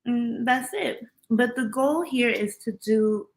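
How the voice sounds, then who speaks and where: A woman's voice: fairly high pitch, slow pace. Chatty woman hosting a tarot livestream. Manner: chatty, laughs often, greets viewers by name. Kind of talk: casual livestream chat.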